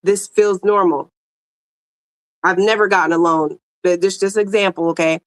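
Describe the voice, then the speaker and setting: A woman doing a tarot reading, talking casually and directly to her audience in slangy speech. Her pitch sits in a middling range for a woman. The sound is dry and close. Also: fairly even intonation, moderate pace, dry recording. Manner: slangy, talks to viewers directly with many fillers. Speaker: tarot reader.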